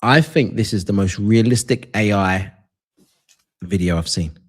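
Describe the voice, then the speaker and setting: A man co-hosting a live online show, talking in a relaxed, reflective way and sometimes losing his thread. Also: lowish voice, measured pace. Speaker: co-host. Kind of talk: live stream chat show.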